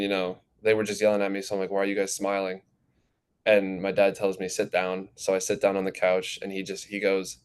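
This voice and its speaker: A teenage man from New Jersey talks casually through an interview, circling his answers with fillers. His voice sits low and barely moves in pitch. The tone comes through smooth and clear. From New Jersey, USA. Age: teens. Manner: relaxed, rambling with many fillers. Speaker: goalkeeper guest.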